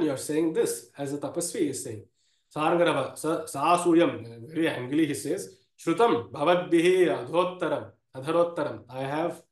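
A man, a Sanskrit teacher who recites verses and explains them line by line in a loose, halting way. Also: a little high. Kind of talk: line-by-line explanation of a classical text. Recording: echoey room.

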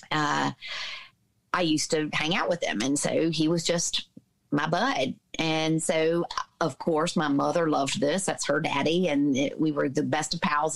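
A woman in her fifties from the Southern United States, a podcast guest telling personal stories in a lively way, with many fillers. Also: deep voice, vocal fry, rough recording. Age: 50s. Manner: lively storyteller, mimics voices in quotes, many fillers. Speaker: podcast guest, author and healer. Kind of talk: personal storytelling in a conversation.

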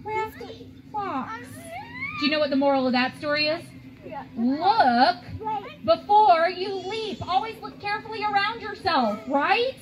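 A woman's voice: extremely high pitch, unhurried, noisy background. A woman librarian leading a children's storytime, reading aloud and talking playfully to the kids. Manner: animated, playful, talks to kids.

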